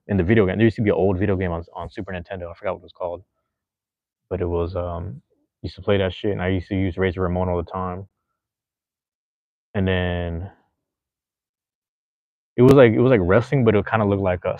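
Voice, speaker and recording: A man's voice: low voice, no echo, highs cut off. A man, hosting a podcast in a loose, rambling chat full of slang and fillers. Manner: laid-back, slangy, rambling with frequent fillers. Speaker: podcast host. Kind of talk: casual chat reading live chat.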